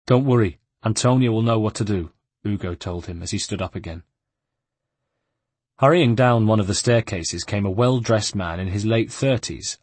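A man reading a novel aloud as an audiobook narrator in a measured, even way. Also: on the low side, husky, no echo. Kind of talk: scripted narration.

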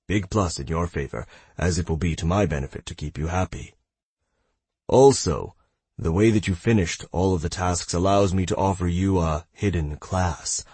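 A man voicing a formal, somewhat awkward god asking for a follower, with a husky voice. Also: low-pitched, no echo. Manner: calm, formal, slightly awkward. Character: awkward, pleading male hidden deity.

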